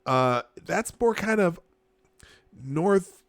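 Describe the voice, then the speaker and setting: A man's voice: sits high, expressive, extremely slow, a bit bright, no echo. A man from Minnesota, hosting a live stream, reading chat and news with chuckles and sarcastic asides. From Minnesota, USA. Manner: chuckling, sarcastic asides, frequent filler restarts.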